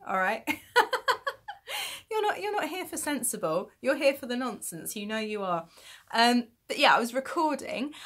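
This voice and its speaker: A woman's voice: a little high, a bit bright. A woman from the United Kingdom hosting her own podcast in a chatty, self-mocking way, laughing often. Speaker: podcast host. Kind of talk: casual chat.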